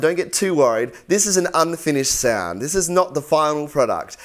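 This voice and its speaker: A man's voice: on the high side, animated, moderate pace, hardly any pauses, fairly bright tone, soft background music. A young man teaching singing in an easygoing, encouraging way. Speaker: vocal coach. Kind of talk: instructional tutorial.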